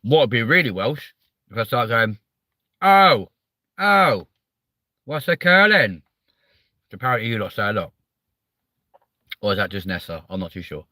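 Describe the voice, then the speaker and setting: A man's voice: lowish voice, fairly quick, pauses often, pushed and bright, dry recording. A man hosting a live stream, chatting casually, reading out the chat and swearing freely between lots of ums.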